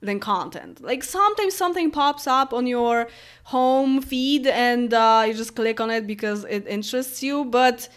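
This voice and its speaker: A woman's voice: fairly high pitch, a little slow, smooth. A woman in her late twenties with a Polish accent, chatting casually with viewers and answering their comments, rambling with lots of fillers and easy laughs. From Poland. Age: late 20s. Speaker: YouTuber.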